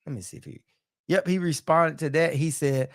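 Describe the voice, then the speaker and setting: A man's voice: a little high, steady tone, moderate pace, no room sound, clean studio sound. Casual man hosting boxing talk. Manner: loose, repetitive, peppers talk with "man". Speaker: boxing talk show host. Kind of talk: casual live-stream sports chat.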